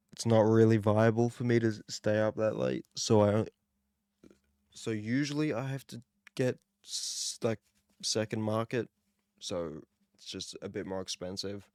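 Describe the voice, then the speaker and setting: A young Australian man with a relaxed, rambling manner, talking casually while opening trading cards. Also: lowish voice, measured pace, no echo, clean studio sound. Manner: relaxed, rambling, self-deprecating. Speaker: card-opening channel host. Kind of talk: casual card-opening commentary.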